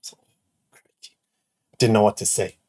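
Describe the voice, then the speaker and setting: A man's voice: measured pace, darkish tone. A man in his thirties, a show host, telling a rambling personal anecdote full of "like" and "right?". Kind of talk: casual storytelling.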